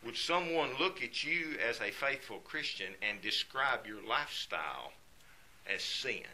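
Lively, bright-voiced male preacher. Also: mid-range voice, a little slow, slight background noise, rough recording. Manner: emphatic, asks and answers rhetorical questions. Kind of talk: sermon.

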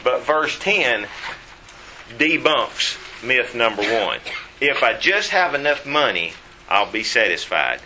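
A man's voice: mid-range voice, sing-song, takes it slowly, sharp tone, slight background noise, poor audio. Folksy man teaching Bible class. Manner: folksy, rambling with restarts.

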